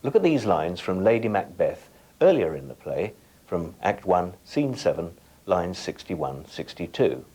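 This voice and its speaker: A man's voice: low-pitched, big pitch swings, unhurried, warm tone, slightly rough. A middle-aged man giving a scripted lesson as a teacher, addressing viewers directly and setting them tasks. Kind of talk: scripted educational presentation.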